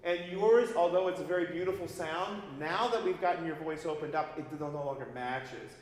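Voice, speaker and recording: A man's voice: on the high side, a little fast. A man leading a singing master class, explaining diction and breath and singing short examples as he goes. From United States. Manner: lively, demonstrative, sings vocal examples mid-sentence. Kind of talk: coaching singers in a master class. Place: large recital hall. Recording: echoey hall recording from far off, faint piano.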